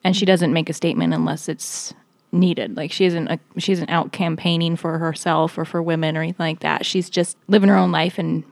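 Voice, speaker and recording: A woman's voice: deep voice, steady tone, a little fast, gravelly, no echo. A woman in a casual group book discussion, speaking thoughtfully and hesitantly, with many ums.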